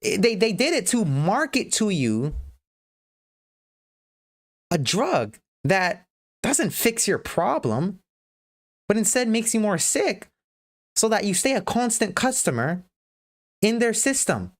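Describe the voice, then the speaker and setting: A woman's voice: medium pitch, sing-song, slow, long pauses. A woman livestream host giving a blunt, profane motivational rant.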